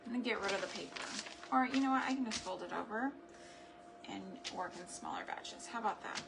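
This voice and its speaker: A woman's voice: medium pitch, fairly quick, vocal fry, noisy background. A woman chatting casually while she crafts at home, thinking aloud and laughing at her own mishaps. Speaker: craft and homestead vlogger. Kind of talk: casual crafting chat to camera.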